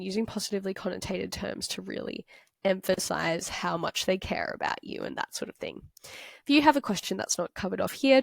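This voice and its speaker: A woman's voice: medium pitch, gravelly, dry recording. Young woman from Australia as a chatty tutor thinking aloud; plain mid-range voice, dry close mic. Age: young adult. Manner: chatty, thinks aloud with fillers and self-corrections. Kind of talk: talking through a worked example.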